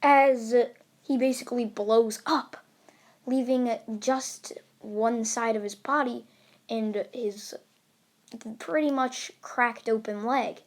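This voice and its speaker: A woman's voice: on the high side, steady tone, slow. A woman improvising a fan story, rambling with fillers and restarts as she narrates.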